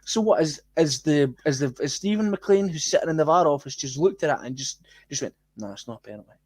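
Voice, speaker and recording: A man's voice: a little high, a little fast, darkish tone, no room sound. A Scottish man co-hosting a football fan podcast, swearing indignantly and laughing in disbelief. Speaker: podcast co-host. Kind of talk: heated fan podcast discussion.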